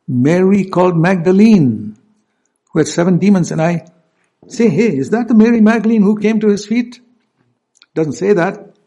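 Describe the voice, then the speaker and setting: A man's voice: mid-range voice, vocal fry, warm tone, breathy edge. A male preacher giving an earnest sermon, stopping to explain scripture verses.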